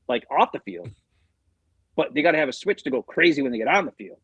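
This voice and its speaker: A man's voice: medium pitch, quick pace, breathy edge, no echo, muffled recording. A man co-hosting a casual sports podcast, telling a story with lots of retold quotes, rambling restarts and swearing. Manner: animated storytelling, retelling quotes. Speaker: podcast co-host.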